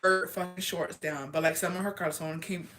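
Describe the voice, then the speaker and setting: A woman's voice: lowish voice, fairly even intonation, moderate pace, a bit bright, a little hiss or hum. A young woman telling a casual storytime confession, rambling and swearing, with lots of fillers, often laughing at herself. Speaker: vlogger.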